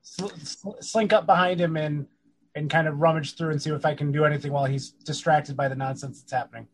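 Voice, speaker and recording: A man playing a tabletop game who rambles and hesitates, his voice a bit high. A faint hum runs behind him. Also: fairly even intonation, brisk, poor audio. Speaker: player. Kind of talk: casual game chat.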